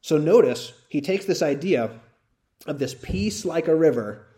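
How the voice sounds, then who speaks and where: A man's voice: on the high side, lively intonation, measured pace, dark tone. A man teaching through a Bible passage to a live audience, talking conversationally and often checking in with "right?" and "all right?".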